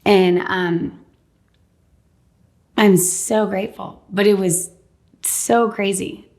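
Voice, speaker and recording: A woman with a middle-pitched voice tells her own story as an interview guest. She is animated and laughs often, and she acts out what other people said. Her speech is loose and chatty, full of "like" and "um". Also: slow. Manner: fills speech with "like" and "um". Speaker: guest sharing a healing testimony. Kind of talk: casual personal storytelling.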